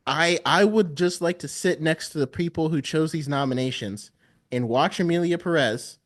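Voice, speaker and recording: A podcast host talks through his picks in a relaxed, animated way, laughing often. His voice sits a little high for a man. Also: moderate pace. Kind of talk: casual chat.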